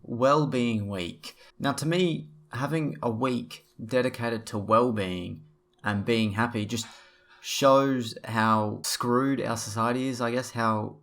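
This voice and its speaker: A man's voice: medium pitch, slow, a bit bright. A young man talking to camera in a casual opinion vlog, rambling and blunt, swearing freely. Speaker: vlogger.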